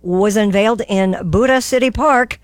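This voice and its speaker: A woman of middle pitch reads offbeat news items on a radio show, pausing to laugh at her own slips of the tongue. Her voice is captured dry and close. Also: no room sound.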